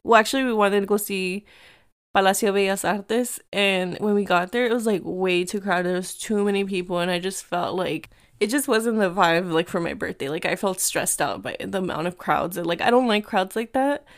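A woman in her thirties from the United States, hosting a casual podcast and telling stories in a chatty way, slipping in Spanish phrases. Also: mid-range voice. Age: 30s. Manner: chatty storyteller mixing in Spanish phrases, quick bursts and laughs. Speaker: podcast host. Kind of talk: casual chat.

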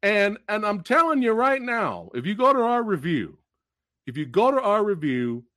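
A man hosting a film podcast who rants with big, emphatic energy and breaks into shouts. His pitch leaps all over the place. The recording sounds dry and close. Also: normal speed, dry recording. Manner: loud profane ranting, bursts of shouting; animated, emphatic delivery. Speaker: podcast host. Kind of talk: movie review podcast chat.

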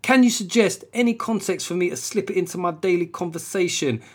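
A man's voice: high voice, a little fast, husky, voice pushed up. A man putting on a cool, streetwise young South London voice with slangy delivery to read a listener's message. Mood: cocky.

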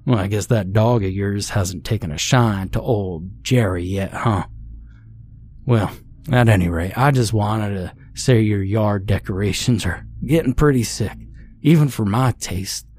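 A man's voice: lowish voice, unhurried, darkish tone. A man voicing an older male farmer neighbor in a storybook horror tale. He talks in a folksy drawl, friendly but stern.

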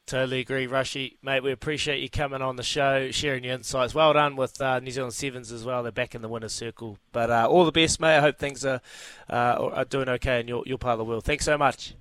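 A man's voice: mid-range voice, steady tone, fast talker, few pauses, fairly bright tone, clear, resonant tone, no echo. Laid-back male radio host, dry sound. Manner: laid-back, mate-talk, bantering. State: a bit hungover. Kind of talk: casual radio hosting.

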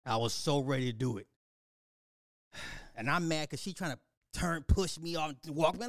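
A man's voice: fairly high pitch, expressive, unhurried, long pauses, no room sound, studio quality. A man ranting casually to his viewers in a movie review, swearing freely and laughing often between lines. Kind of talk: casual profane rant to camera.

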